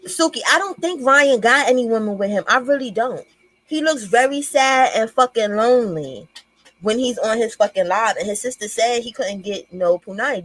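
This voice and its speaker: A woman's voice: a little high, lively intonation, moderate pace, a bit bright, no room sound. Chatty profane woman livestreaming from home. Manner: profane, chatty, addresses viewers as y'all. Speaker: livestream host. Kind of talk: casual commentary livestream. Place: at home with her young child nearby.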